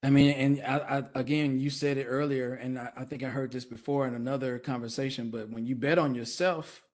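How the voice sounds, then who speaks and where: A man hosting an online talk show interview, speaking in a measured way and repeating words for emphasis. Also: mid-range voice, fairly even intonation, a little mellow.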